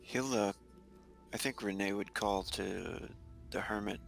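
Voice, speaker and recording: A man's voice: fairly low pitch, fairly even intonation, a little slow, vocal fry, fairly bright tone, soft background music. A man playing in a tabletop game, describing his character's actions hesitantly, with frequent fillers. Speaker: player.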